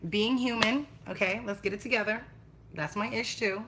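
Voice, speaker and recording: A woman's voice: mid-range voice, normal speed, very noisy. A young woman chatting casually and bluntly on a livestream, swearing freely. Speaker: vlogger.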